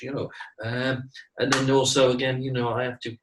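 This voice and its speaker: A man's voice: mid-range voice, fairly even intonation, brisk, fairly bright tone, recorded from a distance, low-quality recording. A middle-aged man who teaches mediumship, talking earnestly in a casual interview, repeating himself and saying "you know" a lot.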